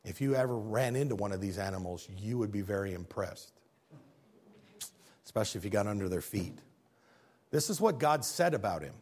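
A man giving an animated faith talk over slides, asking rhetorical questions and pressing his points with emphasis, now and then stumbling over his words. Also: on the low side, fairly quick, long pauses. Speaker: speaker presenting slides.

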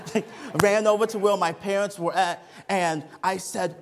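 Young male children's preacher, slightly high voice, animated storyteller. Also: moderate pace, hardly any pauses. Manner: lively storytelling, questions to the kids. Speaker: children's Bible teacher. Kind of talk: children's sermon.

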